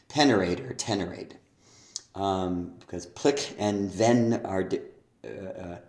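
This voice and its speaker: A male teacher with a low, slightly mellow voice gives recorded comments on a student's poetry assignment. He reads lines of verse aloud but stumbles through fillers and restarts, and the room sounds echoey.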